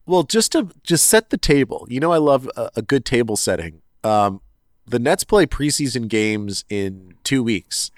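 A man in the middle of his range co-hosts a casual sports podcast. He rambles in an animated way and corrects himself as he goes. The sound is very dry and close. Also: mid-range voice, unhurried, no room sound. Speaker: podcast co-host.

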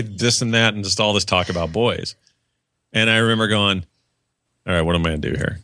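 A man co-hosting a casual chat, relaxed and explanatory, telling a parenting anecdote. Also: fast talker, no room sound. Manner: relaxed, explaining, falsetto when quoting others. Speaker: podcast co-host.

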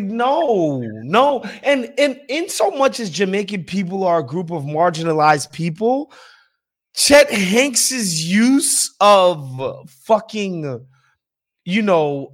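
A man's voice: high-pitched, fairly bright tone. A man hosting a podcast, ranting in casual, profane, emphatic talk. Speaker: podcast host. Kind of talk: casual opinionated chat.

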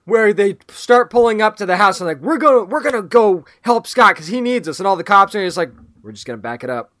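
A man co-hosting a podcast, chatting casually and enthusiastically about a movie he liked. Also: high-pitched. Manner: enthusiastic, animated, quick restarts. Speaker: podcast co-host. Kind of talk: casual movie review chat.

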